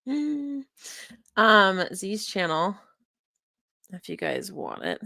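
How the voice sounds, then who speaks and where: A woman's voice: on the low side, huge pitch swings, slow pace, creaky, sharp tone, no room sound, clean studio sound. A young adult woman streaming from her computer, chatting casually, rambling, swearing and muttering to herself as she searches. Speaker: streamer reviewing a live stream. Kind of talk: casual livestream chat. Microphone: desk microphone.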